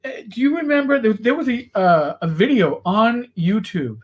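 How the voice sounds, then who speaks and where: A man's voice: high-pitched, normal speed. A man, a former police officer, guesting on a podcast and telling stories with lots of casual swearing. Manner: profane, animated storyteller. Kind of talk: casual chat, storytelling.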